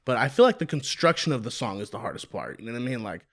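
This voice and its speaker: A man's voice: medium pitch, quick pace. Laid-back young man, lots of fillers. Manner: relaxed, many fillers like "you know what I mean". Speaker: rapper guest. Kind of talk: casual interview.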